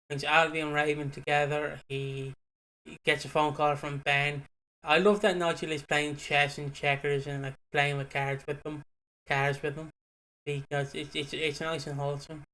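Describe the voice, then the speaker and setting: A man's voice: fairly high pitch, little pitch movement, moderate pace, bright, forceful tone. A man co-hosting a casual podcast, recapping the plot with hesitant fillers. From Britain. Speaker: podcast co-host. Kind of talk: casual chat.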